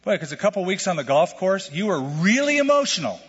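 A middle-aged male pastor preaching a sermon in a lively, conversational way, full of questions to the congregation. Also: high-pitched, brisk, slightly rough. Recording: lo-fi sermon recording with long hall reverb.

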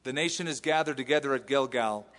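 A male pastor giving an animated sermon, acting out the quotes he reads. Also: medium pitch, fast, big-room sound. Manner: animated preaching with acted-out quotes. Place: church sanctuary.

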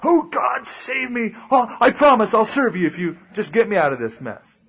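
A man voicing a panicked unbeliever who begs God to save him, in a high, pleading wail. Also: big pitch swings, normal speed, a bit bright, breathy edge, muffled recording, heavily acted. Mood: desperate pleading.

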